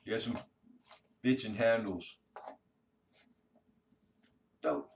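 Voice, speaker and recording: A man with a low-pitched voice, talking loosely and slangily to his live-stream viewers while showing off coins and collectibles. He sits a little away from the microphone, so the voice sounds somewhat distant. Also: extremely slow, a little hiss or hum. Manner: laid-back and slangy, chatting to viewers. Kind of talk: casual live-stream chat.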